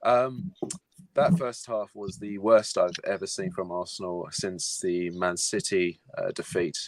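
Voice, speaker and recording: A man's voice: sits low, steady tone, a little slow, rough recording. A man giving a casual, hesitant fan reaction as a panel guest, with lots of ums and wry laughs.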